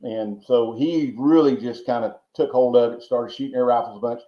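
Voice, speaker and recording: A man's voice: mid-range voice, fairly even intonation, normal speed. A man from Georgia, telling long rambling stories as a podcast guest, often repeating words and adding folksy asides. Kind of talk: casual storytelling interview. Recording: roomy, dull lo-fi sound.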